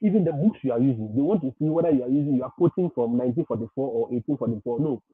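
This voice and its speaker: A man's voice: medium pitch, animated, racing, slightly rough. A man hosting a livestream and giving advice, talking emphatically, repeating his points and often laughing. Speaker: livestream host. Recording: tinny phone-like audio.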